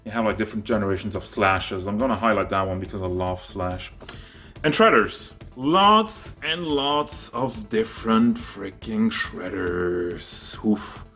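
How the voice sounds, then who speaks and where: A man's voice: fairly low pitch, unhurried, fairly bright tone, soft background music. A man touring his toy collection at home, rambling and self-mocking, out of breath as he moves around with a handheld camera. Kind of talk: casual collection tour. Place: home with figure shelves, indoors. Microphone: handheld camera moving around.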